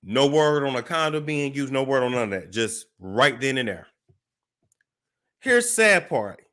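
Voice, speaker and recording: A man hosting a celebrity gossip show, telling a story with dramatic pauses, restarts. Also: medium pitch, animated, fairly bright tone. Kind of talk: casual gossip commentary.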